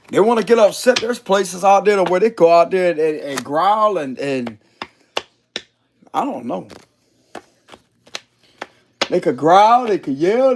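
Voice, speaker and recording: A man with a high voice that swoops up and down gives a loose, unscripted tarot reading. He talks in blunt, profane slang with a lilt and breaks into laughs as he goes. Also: background noise. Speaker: tarot reader. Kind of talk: casual tarot reading monologue.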